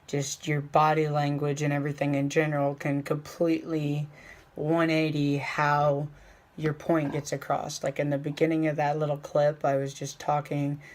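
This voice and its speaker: Young man vlogging in a flat voice. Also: a little high. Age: young adult. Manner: rambling, with many fillers, slowing down to stress points. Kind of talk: casual motivational vlog talk.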